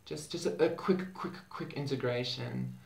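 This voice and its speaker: A man's voice: medium pitch, normal speed, vocal fry. A man who works as a spiritual channel, talking in an earnest, effusive vlog manner and repeating words for emphasis. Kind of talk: heartfelt spiritual vlog talk. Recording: roomy echo, mic at a distance.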